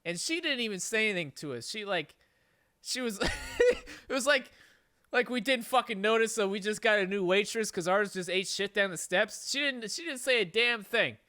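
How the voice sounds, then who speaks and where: A man's voice: high voice, big pitch swings, moderate pace, pushed and bright, no echo, clean studio sound. Laughing, swearing young-sounding man. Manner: rambling storyteller, swears constantly, laughs often. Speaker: podcast host. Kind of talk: casual chat.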